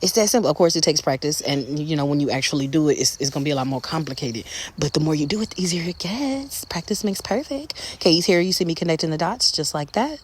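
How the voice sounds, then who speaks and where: A makeup creator talking viewers through a step-by-step tutorial in a sassy, playful, chatty way, often jumping up high for flourishes. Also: expressive, fast talker, a little hiss or hum.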